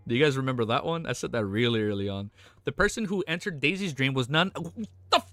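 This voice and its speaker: A man's voice: a little high, animated, a little fast, pushed and bright, no room sound. A young man streaming live, reading a novel aloud and reacting in a casual, emotional, swearing way. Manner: casual and swearing, often emotional, exclaims "dude".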